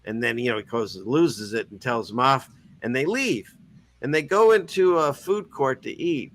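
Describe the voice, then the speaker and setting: In a relaxed online talk show, the podcast host rambles through a story, restarting often and laughing easily. His voice is medium in pitch, a bit bright, at a moderate pace, in casual chat.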